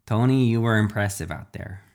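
A man's voice: lowish voice, moderate pace, darkish tone, lightly acted. A man voicing a nervous, stammering middle-aged scientist father in a storybook reading. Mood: earnest. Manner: stuttering, hesitant and nervous.

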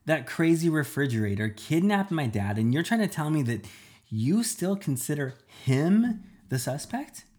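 Man doing a hurt young boy, protesting loudly, higher voice, storybook dialogue. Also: very animated, moderate pace. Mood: upset. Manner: upset, protesting. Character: young boy, son of a former villain, hurt and defensive. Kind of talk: storybook read-aloud.

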